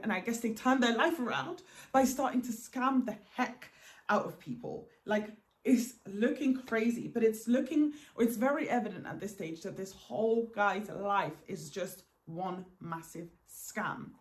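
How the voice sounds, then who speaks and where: Woman, vlogger, dramatic storytelling, emphatic repetition, mid pitch. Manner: animated, emphatic, repeats words for effect. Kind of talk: dramatic first-person storytelling.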